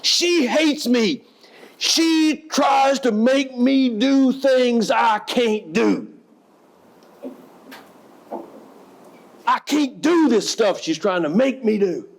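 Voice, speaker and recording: A man acting out a furious young schoolgirl who shouts shrill, repeated complaints. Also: slow. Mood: upset. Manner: shrill angry repeated outbursts.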